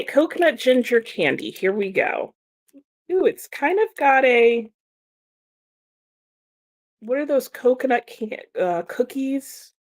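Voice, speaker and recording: A young woman chatting casually on a livestream, reading viewer comments aloud and laughing often. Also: medium pitch. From United States. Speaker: streamer and book vlogger.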